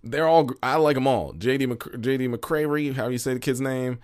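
A man's voice: mid-range voice, fairly quick, a little mellow, clear, resonant tone. A man co-hosting a casual podcast, giving rambling, opinionated takes with many restarts. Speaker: podcast co-host. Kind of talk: casual chat.

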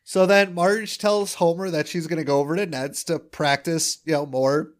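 A man's voice: a little high, moderate pace. A man co-hosting a podcast in casual chat, acting out quoted lines as he recaps a cartoon episode. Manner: animated, acts out quoted lines. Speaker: podcast co-host.

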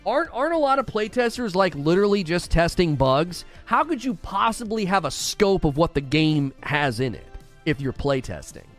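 A man on a live stream argues with his chat in a skeptical, argumentative manner, often stumbling over repeated words. His fairly high voice swings up and down with lively energy. Faint music plays behind him. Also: moderate pace, hardly any pauses.

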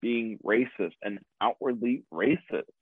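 A man's voice: mid-range voice, measured pace, breathy edge, no echo. A man telling a personal story in casual chat, laughing often, swearing freely and poking fun at himself. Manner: profane, laughing, self-deprecating. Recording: dry tinny phone-like sound.

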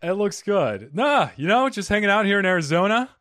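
Talking into a studio microphone in his Arizona home studio, a man hosts a comedy podcast, casually introducing the show and chatting. His high-sitting voice swings widely in pitch, moves fairly quickly and sounds a bit bright, with no room sound. He jokes and mocks himself.

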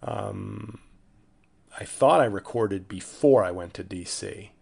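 A man's voice: fairly low pitch, slow pace, creaky, darkish tone. A man hosting a casual solo podcast, rambling and self-deprecating with many restarts. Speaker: podcast host.

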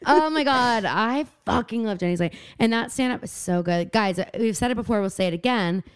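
Smooth-voiced young woman co-hosting. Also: fairly high pitch, fairly quick, no echo, clean studio sound. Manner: animated storytelling with frequent fillers and laughs. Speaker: podcast co-host. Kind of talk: casual chat.

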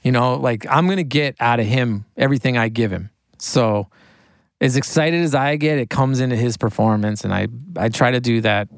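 A man working as a record producer and engineer, chatting casually in an interview, excitable and quick, laughing often and saying "like" a lot. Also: mid-range voice, no echo.

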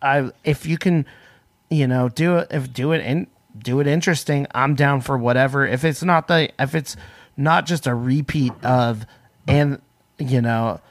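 A man talking in a halting, filler-heavy way, restarting his sentences often, with a dry sarcastic edge. His voice is at a normal middle pitch. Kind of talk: casual interview chat.

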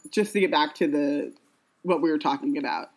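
A woman's voice: low voice, brisk, rough recording. A woman co-hosting a casual book podcast, reading passages aloud and breaking off for jokey asides with plenty of "like" and "um". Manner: chatty, jokey asides with lots of "like" and "um".

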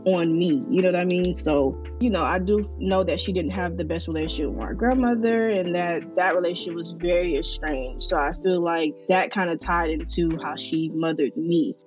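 A woman's voice: lowish voice, normal speed, few pauses, music in the background. A young woman telling her personal story in a candid, reflective way, speaking earnestly with casual fillers. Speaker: interviewee sharing her story.

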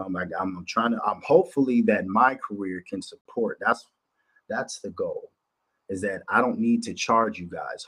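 A man's voice: on the low side, husky. A man from Minnesota hosting a livestream, talking bluntly and profanely in a loose, repetitive monologue. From Minnesota, USA. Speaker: livestream host.

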